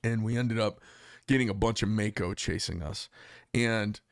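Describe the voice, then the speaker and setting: A man's voice: on the low side, moderate pace, dry recording, clean studio sound. Rambling male host from Arizona. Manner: rambling, filler-heavy storyteller. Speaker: podcast host. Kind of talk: casual storytelling chat. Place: studio.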